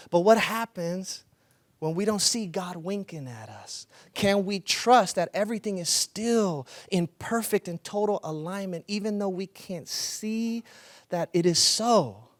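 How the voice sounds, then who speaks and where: Higher-voiced man preaching a relaxed sermon. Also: unhurried, no echo. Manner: conversational, storytelling with laughs. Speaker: pastor.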